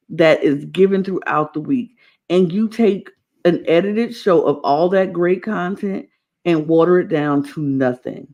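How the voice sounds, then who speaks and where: High-voiced man ranting emphatically. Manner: animated, emphatic ranting with repetitions. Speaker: podcast co-host. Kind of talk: casual chat.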